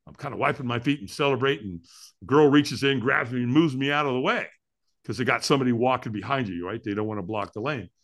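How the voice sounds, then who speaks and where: A man who is a podcast guest, telling a story in an excitable way, acting it out with sound effects and laughs. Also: mid-range voice, quick pace. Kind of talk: animated storytelling.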